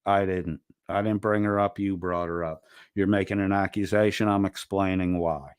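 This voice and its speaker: An angry man rants and curses through a heated livestream argument. His voice sits low and sounds dry and close, with no room around it. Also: fairly even intonation, normal speed, clear, resonant tone, no room sound. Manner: angry, profane ranting. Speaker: streamer.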